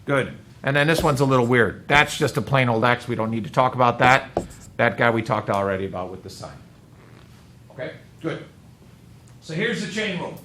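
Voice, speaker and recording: A male math teacher lectures his class at a normal speed, quizzing students and adding upbeat jokes. His mid-range voice is fairly bright with lively intonation. The mic sits far off in an echoey classroom, with slight background noise.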